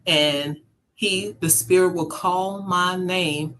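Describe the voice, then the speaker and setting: A woman's voice: on the low side, steady tone, slow pace, a bit bright. A middle-aged mother telling a personal story in a casual conversation, earnest and reflective. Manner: earnest, reflective, acts out quoted voices. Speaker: mother sharing her story.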